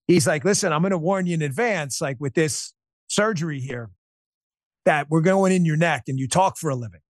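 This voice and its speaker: Man, guest on interview show, high voice, dry close sound, animated, emphatic storytelling. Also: dry recording. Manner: animated, emphatic, quick restarts. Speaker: podcast host and interview guest. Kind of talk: emotional personal storytelling.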